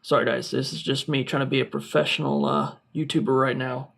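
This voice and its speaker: A man's voice: medium pitch, little pitch movement, a little fast, gravelly, fairly bright tone. Over-dramatic young male tech YouTuber. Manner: over-dramatic, exaggerated enthusiasm. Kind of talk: mock-serious product review skit.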